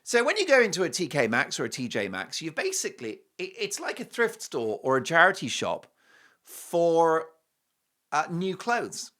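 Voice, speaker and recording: A male talk show host delivering opinionated commentary and a sponsor read. His pitch leaps and dips with lively emphasis, and he leans into punchlines with a jokey, emphatic delivery. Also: moderate pace.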